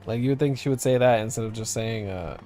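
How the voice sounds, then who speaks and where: A man's voice: medium pitch, fast, dark tone, soft background music. A young man casually commenting on a game while live-streaming, blunt and exasperated, cursing at the screen and laughing with his chat. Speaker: VTuber streamer.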